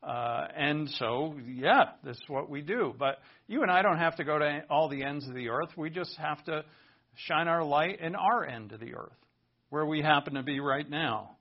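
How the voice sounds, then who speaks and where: Gravelly pastor, lo-fi. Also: male voice, fairly high pitch, moderate pace. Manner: animated teaching, repeating phrases for emphasis. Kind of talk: sermon with Greek word study at a whiteboard. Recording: dull lo-fi recording.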